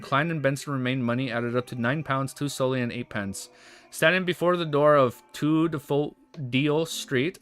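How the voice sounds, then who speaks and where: A male livestreamer reading a novel aloud to his chat, breaking off into excited, chatty reactions between passages. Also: on the high side. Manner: reads narration steadily, then breaks off into excited chatty reactions.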